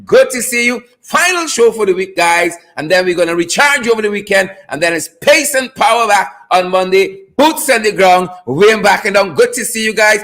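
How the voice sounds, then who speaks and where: A high, bright-voiced man hosts a live online show. He chants catchphrases, shouts out to viewers and keeps the energy loud and playful. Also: lively intonation, moderate pace, few pauses, soft background music. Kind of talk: hyped live stream chat.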